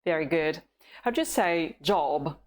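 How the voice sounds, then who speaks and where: A woman from Russia with a Russian accent, teaching a language lesson with patient, deliberate repeat-after-me drills. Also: low-pitched, animated, a little mellow. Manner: patient, deliberate, pauses for learners to answer.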